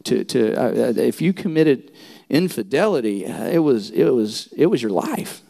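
A man's voice: mid-range voice, sing-song, moderate pace, vocal fry, mellow. A man preaching a sermon and telling stories animatedly, often repeating words as he restarts. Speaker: pastor.

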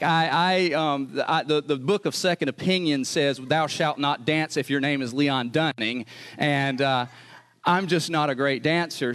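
Casting: male pastor, slightly higher voice, lively storytelling sermon delivery. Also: clean tone. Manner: animated, chatty, laughs and acts out quotes.

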